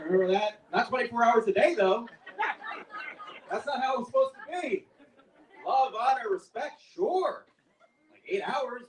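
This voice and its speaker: A man's voice: high voice, echoey room, far from the mic, a little hiss or hum, low-quality recording. A man as the headlining comedian, doing wry, conversational stand-up with the crowd.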